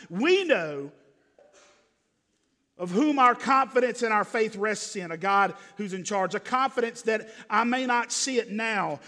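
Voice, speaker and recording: Earnest high-voiced male pastor preaching. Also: long reverb tail. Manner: earnest preaching, drops soft and gentle for grief. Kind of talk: sermon. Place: church sanctuary.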